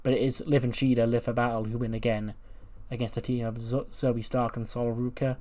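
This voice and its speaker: A man's voice: medium pitch, little pitch movement, brisk, mellow. A man casually narrating a wrestling management game, recapping results in a chatty way.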